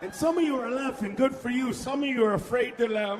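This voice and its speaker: High-pitched guy yelling his jokes on stage, tosses in spanish words, faint noise behind. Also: brisk, few pauses, big-room sound. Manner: loud, shouting punchlines, mocking voices; drops Spanish words into English. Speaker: stand-up comedian. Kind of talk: stand-up comedy set. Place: comedy stage before a live audience.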